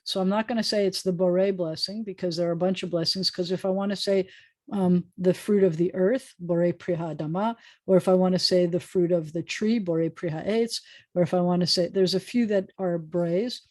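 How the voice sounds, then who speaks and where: A woman's voice: lowish voice, steady tone, a little fast, a little mellow. A woman rabbi teaching a prayer book Hebrew lesson over a video call, explaining patiently with frequent ums. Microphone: video call microphone.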